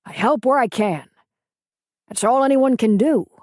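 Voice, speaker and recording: A woman's voice: on the high side, measured pace, dry recording, studio quality, pitched above the performer's own voice, lightly acted. Woman reading a weary, resigned country doctor. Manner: quiet, resigned, matter-of-fact.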